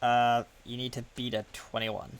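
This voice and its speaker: A man's voice: mid-range voice, flat delivery, normal speed, clear, resonant tone. A man narrating as game master, describing scenes in a rambling, filler-heavy way.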